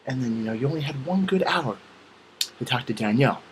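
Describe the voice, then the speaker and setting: Background noise accompanies this young man's mid-range, fairly quick voice. As a vlogger, he rants casually for laughs, cursing freely and animatedly playing out lines of dialogue.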